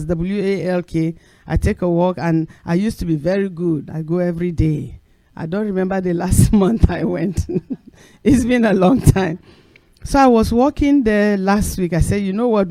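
A man's voice: sits high, no room sound. A man preaching a sermon, telling stories and repeating phrases for emphasis. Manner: animated storytelling with acted quotes.

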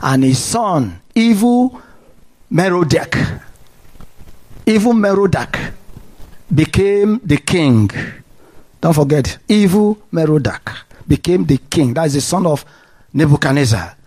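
Male preacher, high voice, animated sermon with call-and-response. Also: slow pace, pauses often.

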